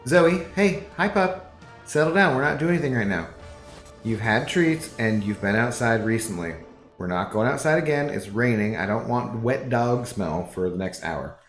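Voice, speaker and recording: Easygoing male game streamer, rambling chat, mid voice, echoey room, soft music behind. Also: fairly low pitch, lively intonation, moderate pace. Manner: laid-back, rambling, reads chat aloud. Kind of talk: casual live-stream chat while gaming. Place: apartment living room. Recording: roomy echo with faint music.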